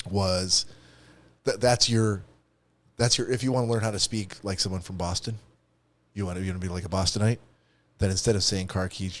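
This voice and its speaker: A man co-hosting a comedy podcast in casual chat, rambling and animated with lots of restarts. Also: low-pitched. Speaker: podcast co-host.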